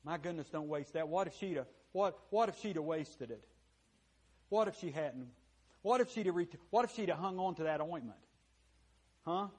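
Pastor, male, slightly high voice, folksy sermon delivery, big swings between shouting and near-whisper, restarts and repeats words. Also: expressive, moderate pace, breathy edge. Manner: impassioned, swinging from loud to hushed; repeats words and restarts phrases while preaching.

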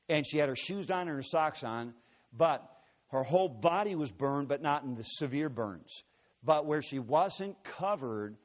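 Middle-aged male preacher, higher-pitched voice, dramatic storyteller in a sermon. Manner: dramatic storytelling, acting out dialogue.

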